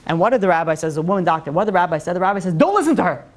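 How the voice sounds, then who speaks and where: A woman teaching a religious class, telling stories in a lively way with many "you know, like" fillers and acted-out quotes. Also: rapid-fire. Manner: animated storyteller, acts out quotes with big pitch jumps. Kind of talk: religious lesson storytelling.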